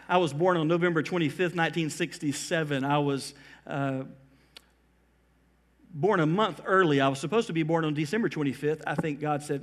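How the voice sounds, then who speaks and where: A middle-aged man preaching a sermon as pastor, building emphasis through repeated phrases and slowing down to stress key words. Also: fairly high pitch.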